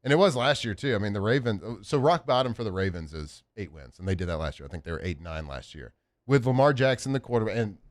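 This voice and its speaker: Low-voiced rambling sports radio host, man. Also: quick pace, no room sound, studio quality. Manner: animated, rambling with many fillers. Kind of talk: casual sports talk. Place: radio studio.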